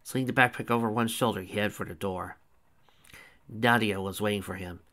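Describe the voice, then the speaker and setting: Casual male storyteller, low voice, reads own fan fiction. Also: steady tone, brisk, bright, forceful tone. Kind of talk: reading fan fiction aloud.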